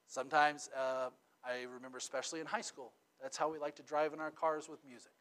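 A middle-aged man preaching a sermon in a conversational way, often checking in with "okay?" and "right?". He swings from loud, emphatic stretches to quiet, intimate ones. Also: a little high, little pitch movement, quick pace, very noisy. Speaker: pastor.

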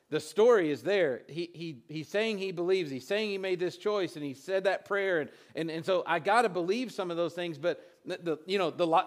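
Man preaching, halting storyteller. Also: high-pitched. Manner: storytelling, halting with many restarts. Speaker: pastor. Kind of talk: sermon.

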